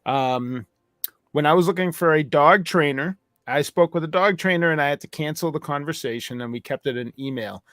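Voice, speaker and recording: A man's voice: a little high, brisk, fairly bright tone, dry recording. Chatty male host, dry close sound. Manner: rambling anecdotes with frequent restarts. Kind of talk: casual review chat.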